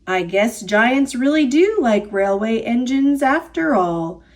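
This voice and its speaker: A woman voicing a friendly engine in a storybook read-aloud, making an amused remark in a lowered voice. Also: expressive, slow pace. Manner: low, amused, chuckling remark.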